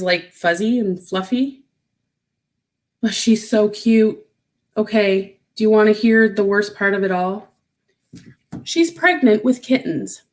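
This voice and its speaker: A woman chats casually with her livestream viewers, answering their comments as she goes. She talks at a slow, unhurried pace. She gets emotional and sounds close to tears. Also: medium pitch. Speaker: vlogger.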